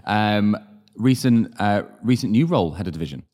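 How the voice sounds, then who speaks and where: A podcast host running a casual interview, enthusiastic and quick to laugh along. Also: deep voice, lively intonation, darkish tone.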